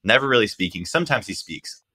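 A man casually telling a story, animated, acting out quotes in high voices. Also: quick pace.

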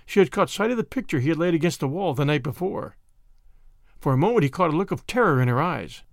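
A man narrating a mystery novel as an audiobook, with expressive storytelling. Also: fairly high pitch, fast talker, vocal fry, no echo, studio quality.

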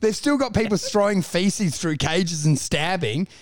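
An excitable, sweary man who is a comedian co-hosting a podcast in casual chat. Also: high voice. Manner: excitable, sweary, quick to laugh.

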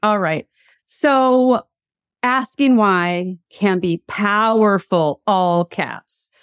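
A middle-aged woman, a coach and university teacher, tells a story in a motivational talk with lively asides and restarts. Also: mid-range voice, extremely slow, clear, resonant tone, dry recording, studio quality.

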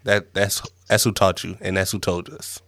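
A man co-hosting a podcast in casual chat, easygoing and halting, with many fillers and restarts. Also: sits low, little pitch movement, fairly bright tone, dry recording, clean studio sound. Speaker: podcast co-host.

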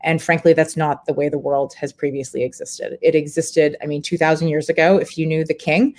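Woman, low voice, founder, candid, laughs a lot, live video interview. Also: steady tone, fairly quick, a little mellow. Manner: candid, chatty, laughs often; many fillers and restarts. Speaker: startup founder. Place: hotel room.

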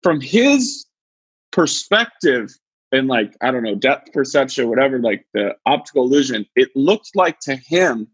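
A podcast co-host in his thirties tells a story in casual chat, his husky voice jumping up as he acts out other people's lines. The sound is dry and a little dull. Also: measured pace, no room sound. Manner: animated, acts out quotes in high voices.

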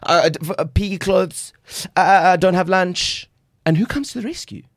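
The clean studio recording, free of room sound, captures a high-voiced South African man talking at normal speed. As a guest life coach on a casual podcast, he's emphatic and sermon-like, dramatizing brief quotes.

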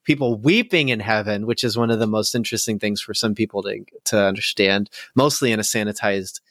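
A man in casual podcast chat, mid-pitched and loose, trailing into fillers and bursting into laughter. The recording is close and dry, with no room sound around him. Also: fairly even intonation, a little fast, fairly bright tone, no room sound. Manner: rambling, lots of "like" and laughter. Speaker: podcast co-host.

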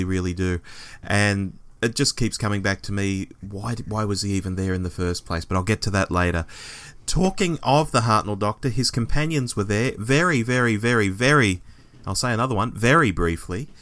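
A man co-hosting a podcast in casual review chat, jokey and animated. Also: lowish voice. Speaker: podcast co-host.

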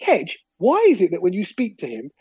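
A man's voice: sits high, huge pitch swings, brisk, darkish tone, breathy edge, no echo, dull audio. A man from hosting a podcast, teasing his co-hosts and laughing often in casual banter. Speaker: podcast host.

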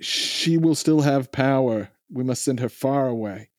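A man playing a tabletop game with a deadpan delivery. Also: medium pitch, measured pace, dry recording, clean studio sound. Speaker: player.

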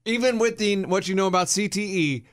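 A man's voice: high-pitched, brisk. A man co-hosting a casual sports talk show, boastful and teasing. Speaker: co-host.

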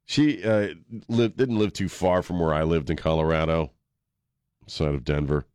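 A man's voice: deep voice, fairly even intonation, normal speed, darkish tone, clear, resonant tone, dry recording, studio quality. A man hosting a talk radio show, joking and laughing in a laid-back way. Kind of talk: casual talk radio banter. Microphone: studio mic.

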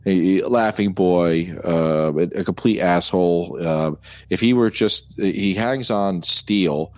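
An American man co-hosting a casual film discussion, animated, with frequent hesitant restarts. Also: sits low, takes it slowly. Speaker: co-host.

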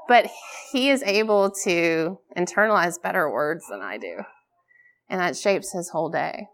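A woman's voice: lowish voice, expressive, normal speed, a bit bright. A woman in her thirties giving a live talk at a conference, candid and self-deprecating, often laughing at herself. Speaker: conference speaker. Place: conference stage before a live audience.

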